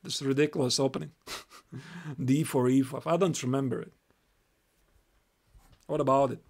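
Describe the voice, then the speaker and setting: A man's voice: medium pitch, steady tone, normal speed, a little mellow, husky. A young Latvian man with a Latvian accent giving a chatty live-stream chess lesson, reading moves aloud and repeating himself.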